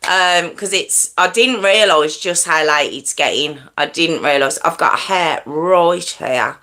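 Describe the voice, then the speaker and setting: Bright-voiced woman chatting on a livestream. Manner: chatty, warm to viewers, quick pitch jumps when teasing. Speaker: true crime livestream host. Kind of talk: casual live chat reading comments.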